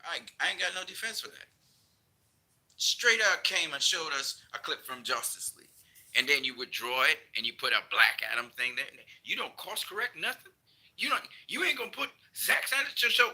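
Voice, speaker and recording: A man's voice: on the high side, expressive, brisk, bright, forceful tone, low-quality recording. A man ranting in a casual video commentary, heated and emphatic, repeating his points. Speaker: vlogger.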